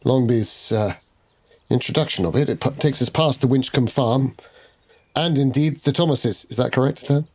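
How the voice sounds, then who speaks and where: A man's voice: medium pitch, normal speed, a little mellow, husky. A man playing a tabletop game, speaking in character with formal, old-fashioned phrasing. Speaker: player.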